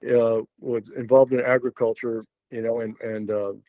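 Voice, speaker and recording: A man's voice: medium pitch, flat delivery, moderate pace, no echo, narrow, tinny audio. Rambling older man telling a story. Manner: rambling, many fillers and restarts. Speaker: podcast guest. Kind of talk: casual storytelling.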